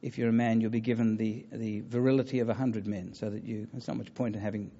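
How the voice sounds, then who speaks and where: A man giving a public talk on religion and taking audience questions, earnest and halting, with many fillers and restarts. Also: on the low side, fairly even intonation, mellow, husky, muffled recording. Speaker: lecturer on religion.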